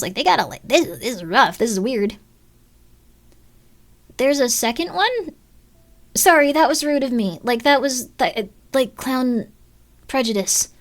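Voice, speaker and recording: A young woman streaming a horror game, talking in an animated, self-deprecating way with lots of fillers and rambling asides. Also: on the high side. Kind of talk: live let's-play commentary.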